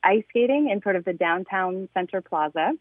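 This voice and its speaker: A woman's voice: medium pitch, lively intonation, normal speed, dry recording. Female caller over a tinny phone line, gushing storyteller, dry sound. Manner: enthusiastic, gushing. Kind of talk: telling a story on a call-in show.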